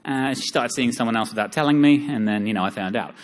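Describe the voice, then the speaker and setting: At a live seminar, a young man with a medium-pitched voice talks fast, cracking self-deprecating jokes and tossing lively asides to the audience.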